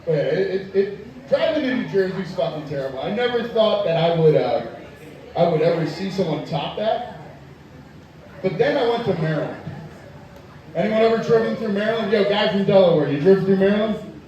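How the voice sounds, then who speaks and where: A man performing a profane stand-up comedy set in a tavern, telling loud rants and chatting with the crowd. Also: high voice, animated, a little fast, pauses often, muffled recording. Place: tavern stage. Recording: echoey room from far off.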